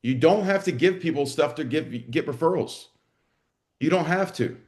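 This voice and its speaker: A man's voice: fairly high pitch, moderate pace. A man coaching a live online session for school owners, blunt and salty, often acting out both sides of a conversation. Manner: blunt, salty, energetic, acts out dialogue. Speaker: business coach for martial arts school owners.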